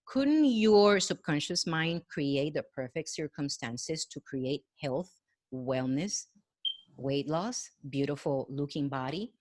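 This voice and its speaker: A woman's voice: low voice, expressive, takes it slowly, darkish tone, no echo. A middle-aged woman, a wellness coach, giving an earnest, encouraging motivational talk with a guided breathing exercise, speaking straight to the listener.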